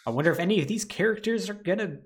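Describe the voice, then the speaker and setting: Lively, animated male podcast host. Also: high voice, racing. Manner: animated plot retelling with lots of "like" fillers. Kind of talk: casual podcast chat.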